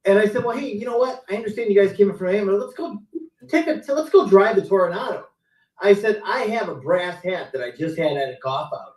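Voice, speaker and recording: A man's voice: high-pitched, lively intonation, quick pace, darkish tone. A middle-aged man, a car sales veteran, telling stories casually on a live stream and acting out his customers' lines. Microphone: video call. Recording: roomy, distant mic.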